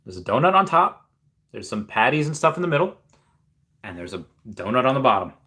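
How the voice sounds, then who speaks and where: A man chatting on his livestream in a mid-pitched voice, wandering from thought to thought with plenty of restarts and fillers. He reads viewer comments aloud and reacts to them as he talks. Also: big pitch swings, fairly quick, pushed and bright. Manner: rambling, with frequent restarts and fillers. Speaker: livestream host. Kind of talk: casual livestream chat.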